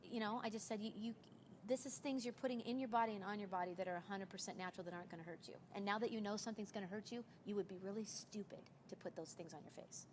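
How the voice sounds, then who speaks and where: A woman in her forties, a recruiter, chats casually while sharing sales tips, telling stories and acting out the dialogue she quotes. She speaks in a mid-range voice at a racing pace, and there's background noise.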